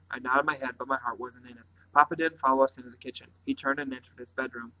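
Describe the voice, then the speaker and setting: Bright-voiced man reading a novel aloud. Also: medium pitch, fairly even intonation, fast talker, few pauses, rough recording. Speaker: reader.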